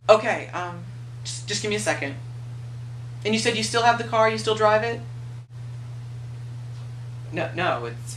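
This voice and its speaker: A man's voice: fairly high pitch, fairly bright tone, far from the mic, slight background noise. A man of twenty-one, telling a story in a casual vlog rant, swearing freely and acting out the people he quotes. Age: 20s. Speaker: video blogger.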